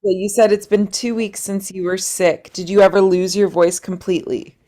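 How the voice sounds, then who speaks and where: A woman's voice: medium pitch, fairly even intonation, normal speed, mellow. A woman coaching a singing workshop online, chatty and encouraging. She sounds upbeat as she talks students through their voices. Heard over a video call.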